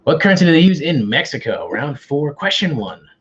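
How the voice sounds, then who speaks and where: A man's voice: on the high side, sing-song, a little fast, a bit bright, highs cut off, a little hiss or hum. A man hosting an online quiz, bantering casually and teasing himself. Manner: joking, self-deprecating banter. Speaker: quiz host.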